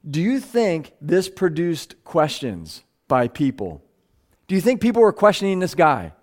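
A man with a somewhat high voice preaches a live sermon to his congregation. He is earnest and a little clumsy with words, often restarting phrases. When he drives a point home, his pitch climbs and his pace quickens. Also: huge pitch swings.

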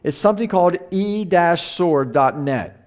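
A man's voice: high-pitched, expressive, normal speed, a little mellow. A middle-aged man teaching a Bible class in a chatty, conversational way, often repeating himself and asking the room questions.

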